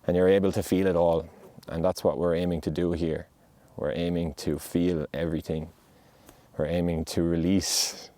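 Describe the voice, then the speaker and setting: Recorded outdoors on a mountain, this podcast host's low, mellow voice sounds earnest and reassuring as he shares a heartfelt monologue. The tone stays level at a normal speed, and the close, dry sound has no room noise.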